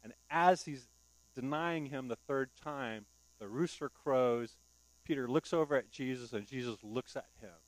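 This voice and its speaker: A man's voice: medium pitch, a little slow, dry recording, low-quality recording. Conversational male pastor preaching. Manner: conversational preaching with rhetorical questions. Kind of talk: sermon. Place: church.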